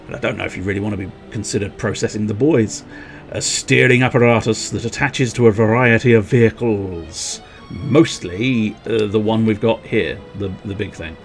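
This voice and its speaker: A man's voice: lowish voice, soft background music. A young man streaming a video game, rambling, joking and reading game text aloud. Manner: rambling, jokey, slow-paced, drifts between reading game text and wordplay. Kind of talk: casual gameplay commentary.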